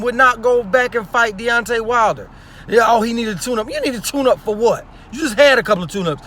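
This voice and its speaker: A man's voice: sits high, bright, forceful tone, a little hiss or hum. A man with speech giving a blunt, profane boxing opinion rant that is full of repeated rhetorical questions. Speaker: sports commentary vlogger.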